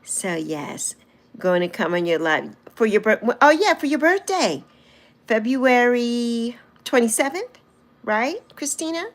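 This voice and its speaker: A woman's voice: medium pitch, animated, measured pace. A woman in her sixties hosting a casual livestream, chatting with viewers and playfully teasing them as she reads and answers their comments, laughing often. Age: 60s. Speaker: livestream host.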